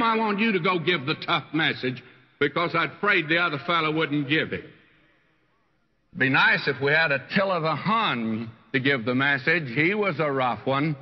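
An older man delivers a sermon in a lively, folksy manner, his pitch sitting on the higher side for a man. The recording is dull and lo-fi, like an old archival tape, with a long reverb from a church hall. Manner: folksy storytelling preacher with wide swings in pitch. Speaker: pastor.

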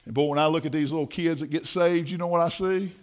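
A man preaching a sermon in a church, fervent, moving from hushed passages to shouting. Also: a little high, steady tone, fast. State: dry mouth. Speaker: pastor. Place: church sanctuary.

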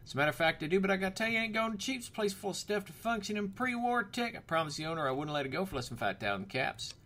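A man reading aloud the lines of a gruff male gun-shop owner in a video game, with a folksy drawl. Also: sits high, very animated, very fast, sharp tone, pitched above the performer's own voice, full character voice.

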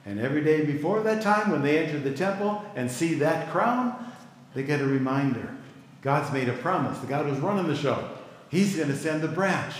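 A man's voice: a little high, expressive, moderate pace. A middle-aged male pastor teaching a Bible class in a conversational way, stopping to ask the class for reactions. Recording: echoey hall with long reverb.

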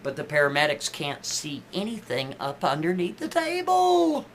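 High-voiced man telling a casual story. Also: wildly swooping pitch, moderate pace, a bit bright, slight background noise. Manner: chatty, conversational, swings his pitch up for emphasis.

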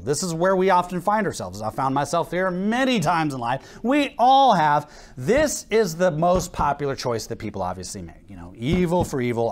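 An American man preaching from the pulpit, his voice sitting a bit high and swinging widely up and down. He acts out little exchanges between people and often breaks into laughter between verses. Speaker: pastor. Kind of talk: sermon.

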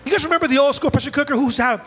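Animated high-voiced male pastor preaching. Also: racing, in a large hall. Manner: animated preaching, acts out dialogue with God. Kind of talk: sermon. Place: church sanctuary.

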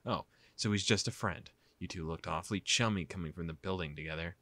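A sullen, possessive young man from a visual novel, dry and sarcastic, read by a man. The voice sits very low but has a bright, forward edge. The delivery stays flat. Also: a little fast, no echo.

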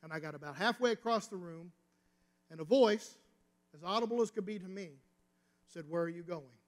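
A man's voice: sits high, normal speed. Male pastor telling a story in a church hall. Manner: personal storytelling, rising and falling intensity. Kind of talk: sermon. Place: church sanctuary.

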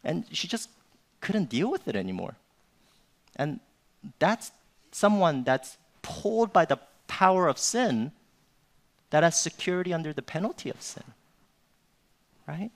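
A man's voice: a little high, sing-song, unhurried, gravelly, long pauses. Conversational male pastor preaching a sermon. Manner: conversational, filler-heavy with "you know" and "right?".

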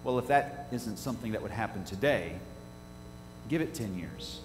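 A male pastor preaching a sermon, asking his congregation rhetorical questions and swinging from quiet to loud. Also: on the low side, lively intonation, moderate pace. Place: church sanctuary. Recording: echoey church hall, faint hum.

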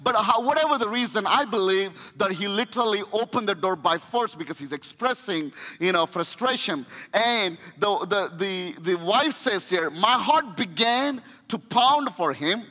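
A man preaches a sermon in a high, bright, ringing voice. He tells the story in an animated way, often restarting his phrases. The sound carries a long echo from a church hall. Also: normal speed, hardly any pauses. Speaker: pastor. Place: church sanctuary.

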